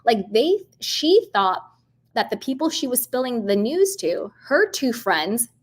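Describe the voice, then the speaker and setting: A woman's voice: fairly high pitch, unhurried, slightly rough. A woman giving a casual, indignant recap of a reality show, talking straight to camera and acting out what others said. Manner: animated, indignant, acts out quoted voices. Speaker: reality TV commentator.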